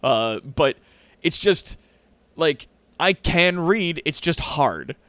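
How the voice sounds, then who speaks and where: A man talking casually on a stream, swinging his pitch widely as he rants and swears freely. His voice sits a little high, and the recording is dry with no room sound. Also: slow, no echo. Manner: animated, rants with heavy swearing. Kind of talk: casual gaming stream chat.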